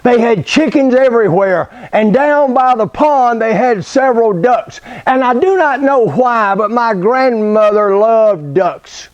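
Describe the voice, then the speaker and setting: High-voiced folksy male preacher. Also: animated, highs cut off. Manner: folksy, unhurried storyteller. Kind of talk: storytelling sermon.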